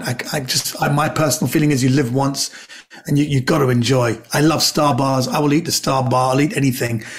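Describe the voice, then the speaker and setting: With a creaky voice on the high side, this middle-aged comedian and actor from Britain tells anecdotes as a guest in a casual chat. He animatedly acts out the other people's voices and frequently restarts.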